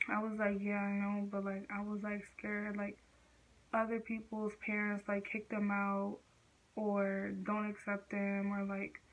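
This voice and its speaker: A woman's voice: mid-range voice, narrow, tinny audio. A teenage girl vlogger telling a personal story in casual, slangy speech full of fillers.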